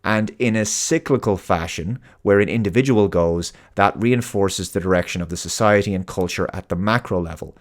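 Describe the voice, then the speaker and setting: A man's voice: low-pitched, moderate pace, few pauses. An Irish man hosting his own show, delivering an earnest, emphatic opinion monologue. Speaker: host.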